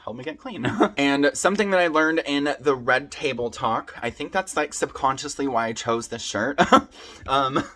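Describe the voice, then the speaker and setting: A man's voice: mid-range voice, normal speed, a bit bright. A young man speaking earnestly and from the heart to his viewers, sharing advice from his own experience in a personal video. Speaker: vlogger sharing his recovery story. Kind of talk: personal advice talk to camera.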